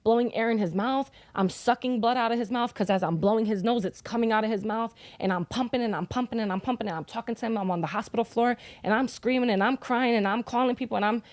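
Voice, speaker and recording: A young woman shares on a podcast how her son died, talking fast with few pauses, bluntly and with frequent swearing. Her voice is fairly high and slightly mellow, and there's no echo in the recording.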